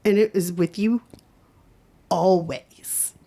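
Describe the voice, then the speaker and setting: A young woman, a singer and new mother, talking as a podcast guest in a soft, open, reflective way. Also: lowish voice, fairly even intonation, slow, creaky. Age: young adult. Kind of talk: casual interview chat.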